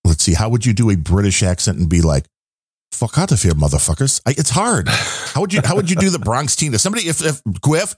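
A man hosting a podcast, chatting loosely and cracking jokes between listener shout-outs. His pitch moves around a lot as he talks, and the sound is dry and close. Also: expressive, quick pace, husky, dry recording. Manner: joking, rambling, laid-back. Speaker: podcast co-host. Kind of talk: casual podcast chat reading listener support.

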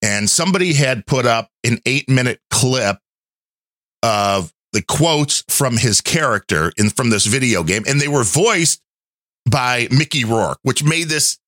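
A man's voice: medium pitch, expressive, unhurried, a bit bright, dry recording, studio quality. A man hosting a podcast, chatting in a rambling, conversational way. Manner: rambling, conversational, many fillers. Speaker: podcast host. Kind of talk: casual chat.

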